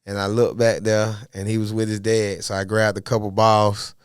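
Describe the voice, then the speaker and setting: A man talking as a podcast guest in a casual interview, animated and full of streetwise slang. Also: fairly low pitch, normal speed, clean tone, dry recording, clean studio sound. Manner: animated, streetwise slang, asks "you know what I mean". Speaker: podcast guest, golf caddie.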